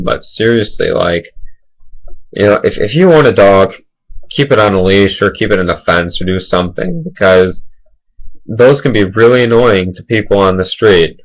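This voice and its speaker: A man's voice: low voice, normal speed, highs cut off. A young man telling casual, rambling personal stories, full of "like" and "you know". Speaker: vlogger. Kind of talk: casual storytelling.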